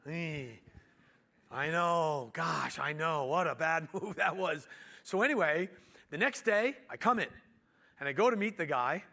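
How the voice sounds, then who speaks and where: An animated man tells a business story, acting out the quotes as he goes. His voice sits high for a man, and he speaks like a business owner addressing an audience. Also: a little slow, vocal fry.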